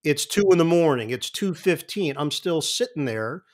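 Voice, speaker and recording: A sportscaster in his fifties, a guest on an interview show, telling vivid, animated stories. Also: on the high side, moderate pace. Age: 50s. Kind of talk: anecdotal interview talk.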